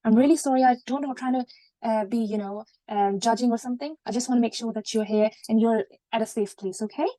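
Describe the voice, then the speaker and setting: A woman role-playing a junior doctor, speaking gently and reassuringly with many okays. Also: on the high side, steady tone, quick pace, no room sound, natural voice.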